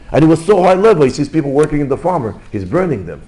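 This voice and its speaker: A rabbi giving an informal Torah lesson, telling stories in lively, non-native English. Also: male voice, fairly high pitch, very fast, hardly any pauses, low-quality recording. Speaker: rabbi teaching a class.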